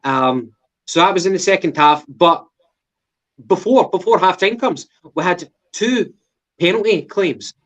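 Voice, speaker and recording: A man's voice: sits high, a little slow, fairly bright tone. A man from England co-hosting a football podcast, reviewing a match in casual, swearing, teasing banter. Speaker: podcast co-host. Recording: lo-fi muffled audio.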